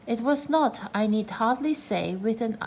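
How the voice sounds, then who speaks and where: A woman's voice: fairly high pitch, darkish tone, a little hiss or hum. Mournful old donkey, as a woman reads him. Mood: gloomy. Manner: slow, mournful, self-important. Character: gloomy old donkey, slow and pompous.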